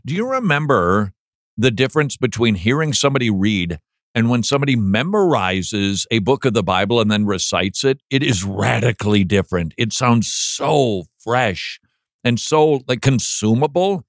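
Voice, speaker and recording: A man hosting a casual talk show, playful and teasing, with animated asides. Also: medium pitch, normal speed, no echo, studio quality. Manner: playful, mocks flat reading with droning voice. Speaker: podcast host. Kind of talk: casual chat.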